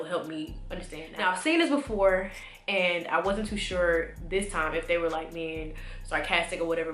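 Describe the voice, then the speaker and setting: A young woman vlogs to camera from a room at home, chatty and rambling with lots of fillers, sounding a little congested. Her voice is fairly low with a fairly bright tone, and the room is echoey.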